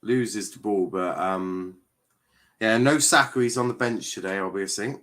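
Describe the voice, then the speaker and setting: A man's voice: lowish voice, unhurried, a bit bright. A man hosting a live football watchalong stream, reacting with exasperation and frequent swearing as he chats to viewers.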